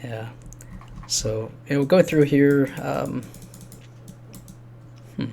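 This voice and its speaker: A man in his thirties hosts a quest playthrough, rambling casually with chuckles and lots of fillers as he plays. His medium-pitched voice is creaky and dark with drawn-out words, and there's slight background noise.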